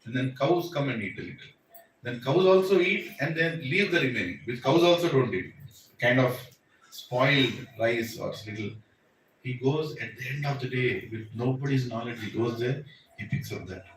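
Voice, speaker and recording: A man's voice: mid-range voice, normal speed, a little hiss or hum. A man with an Indian accent giving a sermon, telling a story and acting out its dialogue, with bits of Hindi mixed in. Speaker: preacher. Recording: roomy, distant mic, faint ambience.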